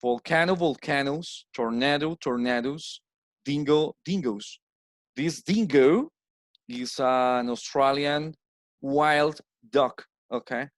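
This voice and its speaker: A Colombian man whose first language is Spanish, teaching English plurals in a slow recorded slide lesson and repeating each word for drill. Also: medium pitch, no room sound. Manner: repeats words slowly with stressed drills.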